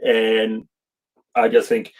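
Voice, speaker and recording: A man hosting a live show who reads out viewer comments and jokes around, talking haltingly with frequent restarts. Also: on the low side, completely flat delivery. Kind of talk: casual live-stream chat, reading viewer comments.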